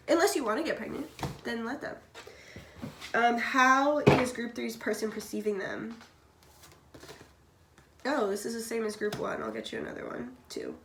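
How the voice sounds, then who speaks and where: A woman's voice: a little high, steady tone, normal speed, creaky, pauses often, a bit bright. A woman doing a casual tarot reading, blunt and chatty, swearing freely and coughing now and then while she is sick. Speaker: tarot reader. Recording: echoey room, faint background noise.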